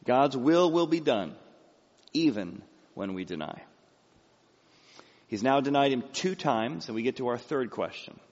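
A man's voice: mid-range voice, measured pace, long pauses, in a large hall, lo-fi sound. A man from Illinois preaching a verse-by-verse sermon with dramatic storytelling. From Illinois, USA. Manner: dramatic storytelling, lively voice work. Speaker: pastor. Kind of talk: expository sermon.

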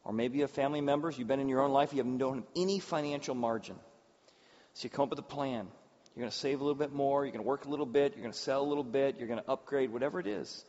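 Animated pastor preaching in a reverberant hall. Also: male voice, on the high side, fairly quick. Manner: animated storytelling with acted-out voices. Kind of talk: sermon. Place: church hall with audience. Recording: dull sound, long hall reverb.

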